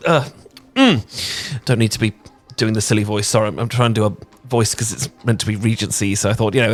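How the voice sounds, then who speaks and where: A man's voice: medium pitch, animated, normal speed, a bit bright. A British man in an audio role-play, stammering, apologizing and laughing nervously. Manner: laughs often. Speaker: ASMR roleplay performer.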